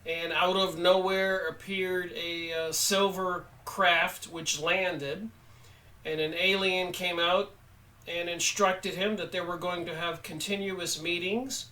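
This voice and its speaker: A man giving an unhurried spoken book review, halting often with pauses as he talks. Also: high-pitched, little pitch movement, pushed and bright, far from the mic, rough recording. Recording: voice set back from the mic.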